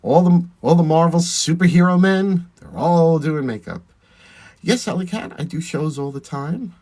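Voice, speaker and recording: Man, drag performer, husky voice with a bouncy, lively melody, chatty live-stream host thanking viewers. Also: a little high, moderate pace. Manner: chatty, reads viewer comments aloud and thanks them. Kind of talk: casual live-stream chat while doing makeup.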